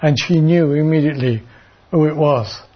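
A man preaching a sermon and reading from the Bible in a measured way, sometimes stumbling and repeating words. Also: on the high side, breathy edge, lo-fi sound.

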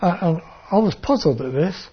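A man preaching a sermon and reading from the Bible in a measured way, sometimes stumbling and repeating words. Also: high voice, animated, husky, dull audio.

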